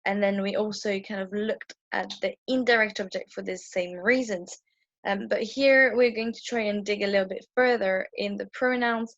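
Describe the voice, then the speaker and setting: A woman teaches French grammar in a casual, patient way, stopping often for ums and restarts as she works through her whiteboard. Her voice sits at a middle pitch and sounds close and dry, with a slightly muffled, dull tone to the recording. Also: steady tone, moderate pace, fairly bright tone, no room sound. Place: indoor room with a whiteboard.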